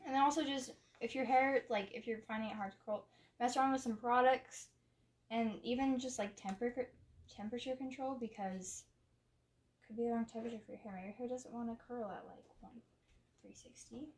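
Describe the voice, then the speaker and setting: A young woman with a slightly raised pitch walks viewers through styling hair in a relaxed, chatty way. She fills her explanations with likes and quick restarts, sounding informal and unscripted. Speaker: hair stylist demonstrating on a model. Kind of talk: casual live tutorial.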